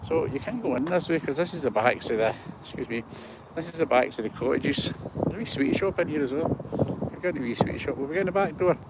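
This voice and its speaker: A man's voice: on the high side, expressive, fast talker, very noisy. Chatty Scottish man in his sixties. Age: 60s. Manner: chatty, rambling, self-deprecating. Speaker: vlogger. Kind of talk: casual walking tour vlog. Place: outdoor heritage museum grounds. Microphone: handheld phone on gimbal.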